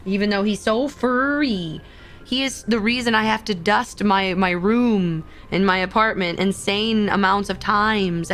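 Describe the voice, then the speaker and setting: A woman streamer in casual livestream chat, talking in soft, drawn-out baby talk to her cat. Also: mid-range voice, faint music behind.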